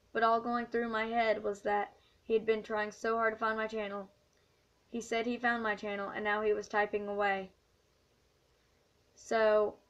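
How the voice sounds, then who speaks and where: A woman's voice: on the high side, fairly bright tone. A teenage woman telling an earnest, rambling story in a casual vlog, with many fillers. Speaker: vlogger. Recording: dull lo-fi recording.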